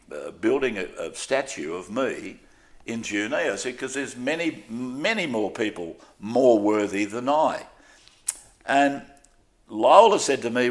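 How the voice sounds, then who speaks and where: Older aussie bloke, low voice, telling stories with lots of restarts, laughing at himself. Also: male voice, expressive, unhurried. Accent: Australian. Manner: candid, self-deprecating, with frequent restarts. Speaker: interviewee, sports commentator. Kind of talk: relaxed interview storytelling.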